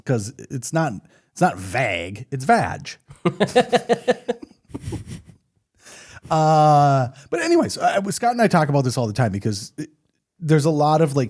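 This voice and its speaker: A man from northern Minnesota with a Minnesotan accent chats as a podcast host. He talks at a middle pitch that swings widely and rambles through his opinions. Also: darkish tone. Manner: opinionated, rambling, frequent restarts. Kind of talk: casual chat.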